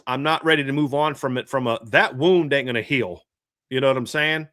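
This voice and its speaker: A man's voice: mid-range voice, a little fast, fairly bright tone, no echo, clean studio sound. A man from the American South chatting casually as a sports podcast co-host, rambling with frequent restarts. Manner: rambling, restarts, laughs often.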